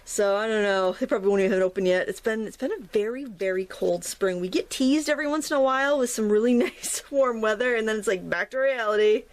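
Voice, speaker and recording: Talking fast with few pauses in a fairly high voice, a middle-aged woman from New England walks viewers through a watercolor painting tutorial. Her narration is casual and rambling, punctuated by frequent laughs at herself.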